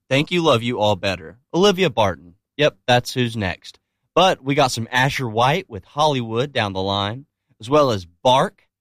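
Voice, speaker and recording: A man's voice: on the low side, fairly bright tone, no echo. A man working as a radio DJ, running through the last songs in casual, joking patter from a station studio. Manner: loose, joking, talks off-mic aside mid-break.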